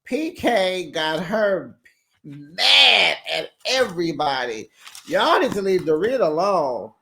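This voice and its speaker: An unhurried, drawn-out commentator recaps a reality show in a sassy, animated way. The speaker laughs often and slips into quoted voices to retell scenes, while keeping a mid-range pitch. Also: gravelly, husky.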